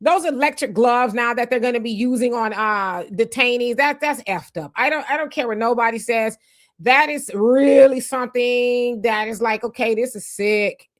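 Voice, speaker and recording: A woman's voice: on the high side, moderate pace. A woman hosting a livestream. She reads viewer comments aloud and answers them in an emphatic, conversational way, often asking rhetorical questions. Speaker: livestream host.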